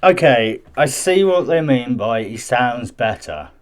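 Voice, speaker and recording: A man's voice: mid-range voice, expressive, a little slow, noisy background. A man hosting a gaming news vlog, reading an article aloud with chatty, defensive asides and frequent stumbles. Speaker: gaming news channel host. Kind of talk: casual commentary mixed with reading news aloud.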